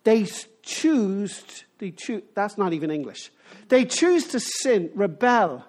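A lively, animated preacher delivers a sermon. The voice rises and falls freely, and the speaker presses each point emphatically, often breaking off and restarting mid-phrase. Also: mid-range voice, slow pace. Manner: animated, asks the listeners rhetorical questions.

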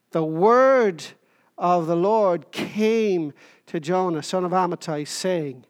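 A woman preaching a sermon, emphatic, with short repeated phrases and pauses. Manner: jokes about squeaking into a higher voice.

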